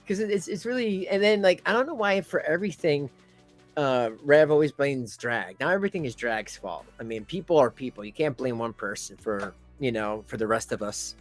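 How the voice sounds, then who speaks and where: A man's voice: medium pitch, expressive, moderate pace, soft background music. A man hosting a casual online commentary stream. He rambles with stammered restarts, keeps addressing his viewers as folks, and breaks into heated rants. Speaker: YouTube commentary host.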